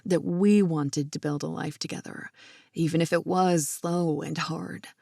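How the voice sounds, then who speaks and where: A woman voicing a smitten grown man in a romance audiobook, speaking low, soft and affectionate. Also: steady tone, a little slow, creaky, no room sound, clean studio sound, exaggerated voice. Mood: tender. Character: smitten man in his thirties, tender, playful.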